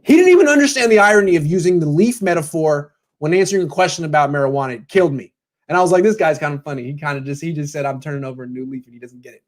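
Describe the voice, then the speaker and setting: A man's voice: fairly high pitch, expressive, racing. A man in his thirties, a sports blogger hosting a casual pregame show, telling stories with sarcastic asides and mock voices. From California.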